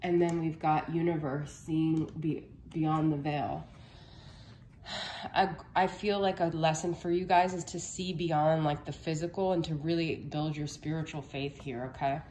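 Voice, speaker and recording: A woman's voice: sits low, fairly even intonation, unhurried, dark tone, echoey room, a little hiss or hum. A young woman giving a casual tarot reading, a little out of breath, chatty and reassuring, often checking in with "okay?". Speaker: tarot reader.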